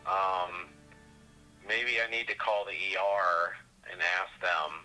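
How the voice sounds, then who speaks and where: Low bright-toned man, calm replies. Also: slow, soft background music, poor audio. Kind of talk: casual chat.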